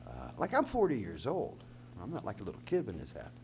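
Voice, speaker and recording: A man's voice: medium pitch, wildly swooping pitch, fast, noisy background. A singer-songwriter man telling a long folksy story on a concert stage, rambling and stopping to correct himself. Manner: rambling, folksy, self-interrupting. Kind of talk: live on-stage storytelling between songs.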